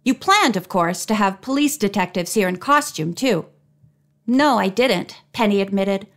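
A woman reading a children's mystery novel aloud in a clear, even storytelling voice, lightly voicing each character. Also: medium pitch, moderate pace. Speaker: audiobook reader.

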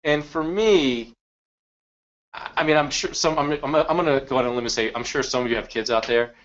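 A middle-aged man, a photographer, telling a story in a halting, heartfelt way, often repeating words. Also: medium pitch, a bit bright. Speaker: photographer, guest co-presenter. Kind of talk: conversational storytelling. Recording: dull lo-fi recording.

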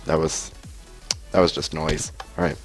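Rambling deep-voiced man telling a story. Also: flat delivery, measured pace, faint music behind. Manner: rambling, hesitant, many fillers and restarts; laughs often. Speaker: gaming video host. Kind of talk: casual gameplay commentary.

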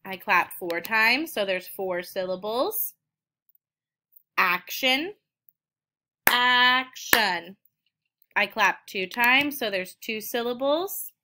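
A woman teacher reading each word slowly and twice, then clapping out the syllables. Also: mid-range voice, expressive, pushed and bright. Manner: slow, deliberate, repeats each word twice. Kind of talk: slow word-by-word reading lesson.

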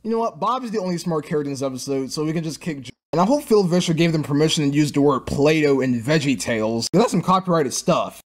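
A man's voice: a little high, expressive, quick pace, few pauses. A man giving sarcastic review commentary on a cartoon, ranting in an exasperated, mocking way.

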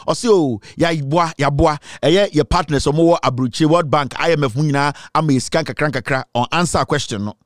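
A man with a Ghanaian accent delivers insistent political commentary, repeating his points and switching between English and Twi. His voice is fairly high and fairly quick with few pauses, recorded in studio quality with no echo.

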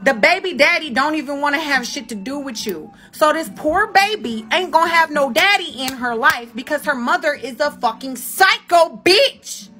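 A woman's voice: sits high, lively intonation, normal speed, hardly any pauses, pushed and bright, faint music behind. A young woman, ranting and cursing heatedly as a livestream host. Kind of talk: angry ranting commentary.

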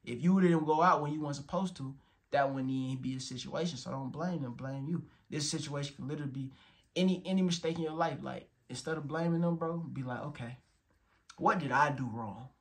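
A man's voice: on the high side, quick pace. A young man in his twenties giving a blunt, profane motivational talk, stressing words and checking in with "you feel me". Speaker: motivational vlogger. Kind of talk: casual motivational monologue.

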